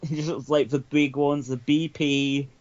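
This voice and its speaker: A man's voice: on the high side, fairly even intonation, slow pace, dull audio. A man hosting a comedic podcast, rambling with lots of stammered restarts, swearing and laughter. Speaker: podcast host.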